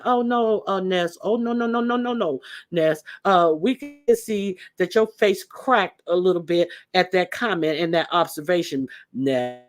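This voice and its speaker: A host speaking in gives casual commentary on online drama. The voice sits at a middle pitch. The talk rambles and turns confrontational, full of fillers and restarts. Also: unhurried.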